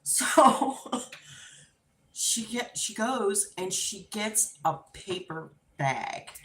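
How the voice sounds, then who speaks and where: Casual live host, lively woman storyteller, bright voice, unhurried, laughs often. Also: mid-range voice, slight background noise. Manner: animated, laughing, acts out voices. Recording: roomy echo.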